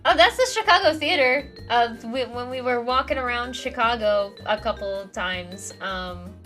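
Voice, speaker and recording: A woman's voice: fairly high pitch, normal speed, a bit bright, soft background music. A young woman streamer chatting casually about a trip, rambling and laughing often. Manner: giggly, rambling, frequent laughter.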